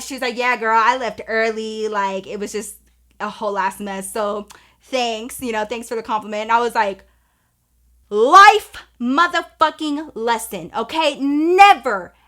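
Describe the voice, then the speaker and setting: A woman in her twenties telling a casual, profane story time to her viewers, animated and chatty. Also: a little high. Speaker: storytime vlogger.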